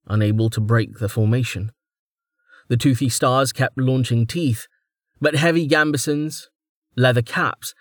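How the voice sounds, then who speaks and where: A man's voice: medium pitch, no echo. A man narrating a fantasy audiobook with dramatic storytelling, close to the mic. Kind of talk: scripted narration.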